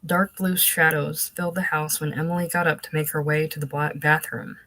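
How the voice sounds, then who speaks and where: A woman reads a literary novel aloud in a measured, even way. Her voice sits low and the recording is dry and close, with no room sound. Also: dry recording, poor audio. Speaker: audiobook reader. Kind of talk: literary audiobook narration.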